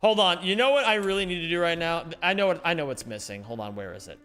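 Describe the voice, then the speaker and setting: A young man streams and jokes with his chat, his voice bouncing all over the place in animated, rambling banter. He sits a touch higher than most men, and faint game music hums underneath him. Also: fast talker, smooth. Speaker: livestreamer. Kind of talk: casual chat with viewers during a gaming stream.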